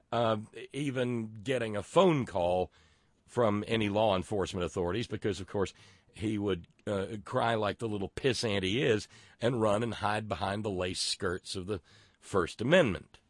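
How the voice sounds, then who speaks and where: A man's voice: fairly low pitch, measured pace, no room sound, clean studio sound. A middle-aged man hosting a political commentary show, sardonic and profane, often stammering and restarting his sentences. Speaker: podcast host.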